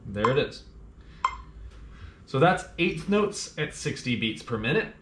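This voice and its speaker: A man's voice: medium pitch, sing-song, a little slow, fairly bright tone, slight background noise. A male piano teacher patiently explaining a scale exercise, counting beats aloud as he plays. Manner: counts beats aloud and hums rhythms while playing; patient, plain instructions to the learner. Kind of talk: step-by-step music lesson. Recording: roomy sound with piano playing.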